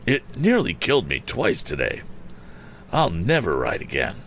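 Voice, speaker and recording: A man's voice: deep voice, wildly swooping pitch, measured pace, a bit bright, slight background noise, voice pushed up, exaggerated voice. A man doing a stammering, shaken injured stranger. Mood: determined. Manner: faint, stammering but determined.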